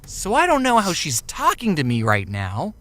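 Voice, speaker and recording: A man's voice: fairly high pitch, normal speed. Wry young man telling a comic story. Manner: wry, deadpan storytelling with acted asides. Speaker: animated storyteller. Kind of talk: scripted comedic narration.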